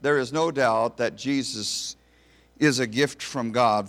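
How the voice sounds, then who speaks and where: A man delivering a sermon at an unhurried pace. He talks in a folksy, storytelling way, easing his listeners into the point. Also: medium pitch, a bit bright. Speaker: pastor.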